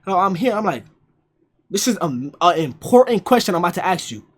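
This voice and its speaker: A young man telling a story casually on a livestream, animated and profane, repeating lines for emphasis. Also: high-pitched, brisk. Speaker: streamer.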